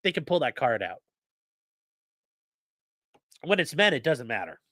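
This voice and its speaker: A man's voice: mid-range voice, big pitch swings, unhurried, bright, forceful tone, dry recording, clean studio sound. A male lawyer giving blunt, profane live-stream commentary and reading out chat.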